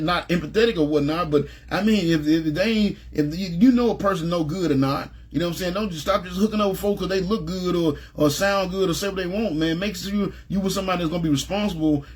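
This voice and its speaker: A middle-aged man preaching in a casual, emphatic way, his voice sitting high for a man and carrying a husky edge. He talks in plain everyday words and keeps checking that his listeners follow him as he presses each point. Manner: emphatic, plain-spoken, repeats "you know what I'm saying". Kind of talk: informal Bible teaching.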